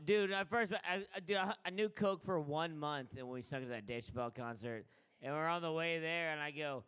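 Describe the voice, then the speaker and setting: A man on stage rattling off an excitable, rambling story with constant fillers. His voice sits a little high and sounds smooth and clear. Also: fairly quick. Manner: rambling, excitable, lots of "like" and "dude". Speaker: stand-up comedian. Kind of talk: stand-up storytelling.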